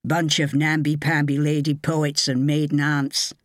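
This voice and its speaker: Woman voicing a gruff Scottish boss gardener, barking, grudging, audiobook figure, dry sound. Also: deep voice, little pitch movement, unhurried, dry recording. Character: gruff older Scottish male head gardener.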